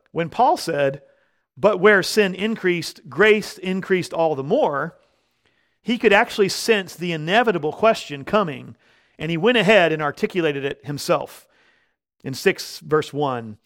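Male preacher, slightly high voice, emphatic sermon delivery, punches key words. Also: fairly bright tone. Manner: slows down when quoting scripture. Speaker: pastor.

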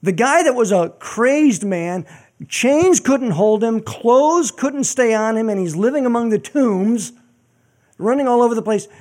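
Joking, high-voiced male preacher. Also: animated, measured pace, a little mellow. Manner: joking, conversational preaching with asides. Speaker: pastor. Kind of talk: sermon.

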